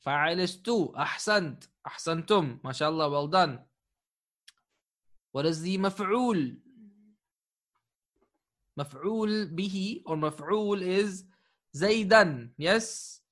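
A man teaching an Arabic grammar class, patiently quizzing his students, praising their answers and slowing down to spell out key terms. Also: high voice, bright, forceful tone. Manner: slows down to dictate key terms.

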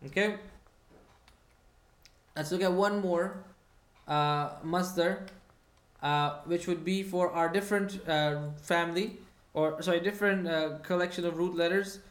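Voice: mid-range voice, steady tone, measured pace, pauses often. Patient teacher in a roomy echo. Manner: patient, checks understanding with frequent "hmm?" and repeats key phrases. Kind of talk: online Arabic grammar lesson, reading student comments.

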